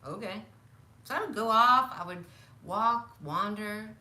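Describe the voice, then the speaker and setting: Animated fifty-year-old woman, bright tone. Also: on the high side, measured pace. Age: 50s. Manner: animated, laughs often, acts out quotes. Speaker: live stream host. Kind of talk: casual storytelling on a live stream. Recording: roomy echo.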